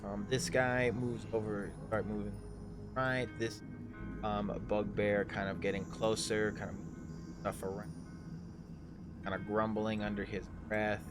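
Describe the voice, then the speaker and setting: A man narrating as game master in a live tabletop game, loose and halting with lots of fillers. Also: fairly low pitch, level tone, music in the background.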